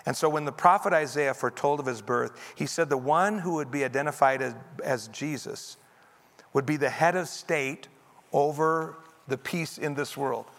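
A man preaching to his congregation in a church sanctuary, earnest and steady as he leads them through scripture. His voice is bright and slightly high. It rings out with the long reverb of a large hall. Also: normal speed. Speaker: pastor. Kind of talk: sermon.

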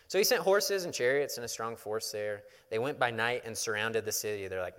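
A man's voice: mid-range voice, a little fast, few pauses, a bit bright, clear, resonant tone. Casual male pastor in an echoing hall. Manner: casual, conversational storytelling with humor. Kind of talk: sermon. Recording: long hall reverb.

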